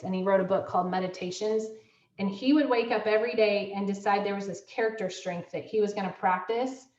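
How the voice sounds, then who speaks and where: A middle-aged woman who directs school counseling leads an online workshop for parents in a mid-range voice. She speaks conversationally, uses lots of fillers, and role-plays conversations between parent and child. The laptop audio sounds dull, roomy, and distant.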